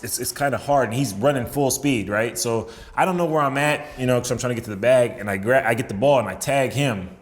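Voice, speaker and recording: A young man, a baseball pitcher, telling a story in casual chat and voicing the people in it. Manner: acts out other people's lines in raised, mocking voices.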